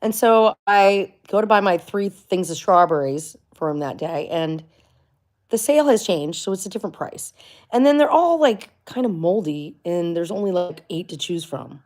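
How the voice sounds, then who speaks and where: A woman's voice: on the low side, expressive, normal speed, darkish tone. A middle-aged woman vlogger from Florida, chatting casually and rambling through a story, full of likes and asides. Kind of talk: casual chat.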